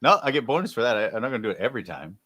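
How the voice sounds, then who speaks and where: A man's voice: medium pitch, very animated, racing, sharp tone. A man co-hosting a podcast, chatting casually with rambling, profane jokes. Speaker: podcast co-host. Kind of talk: casual comedic chat.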